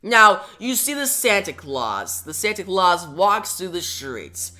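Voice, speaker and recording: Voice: mid-range voice, sing-song, takes it slowly, bright, forceful tone. A comic book reviewer casually retelling a story, starting nearly every sentence with "now" and tossing in "right?". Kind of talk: casual comic recap narration.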